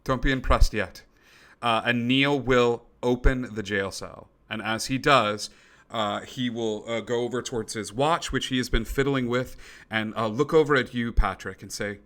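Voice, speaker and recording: A man running a tabletop game as game master, narrating in a halting way with many pauses. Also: medium pitch, a bit bright.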